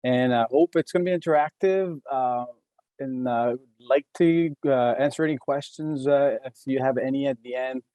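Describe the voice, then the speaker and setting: A man's voice: mid-range voice, moderate pace, mellow, dry recording. A man with a Québécois French accent giving a webinar presentation as an engineer, talking hesitantly with many fillers and restarts. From Quebec.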